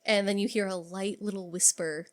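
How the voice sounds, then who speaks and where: A woman co-hosting a podcast, casually retelling a film scene by scene, lively and freely swearing. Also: medium pitch, moderate pace. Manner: animated storytelling, swears freely. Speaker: podcast co-host. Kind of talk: casual movie recap chat.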